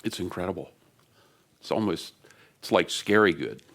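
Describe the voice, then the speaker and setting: Male guest preacher, casual and excitable, talks loosely into a stage mic in a church. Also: low-pitched, normal speed. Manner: animated and chatty, laughs often. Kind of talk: lively conversational sermon. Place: church sanctuary. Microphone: stage microphone.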